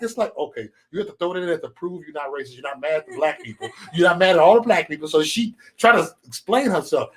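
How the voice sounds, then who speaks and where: Man, livestream host, casual profane chat, mocking impressions, fairly high voice. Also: animated, fast talker, few pauses. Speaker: channel host.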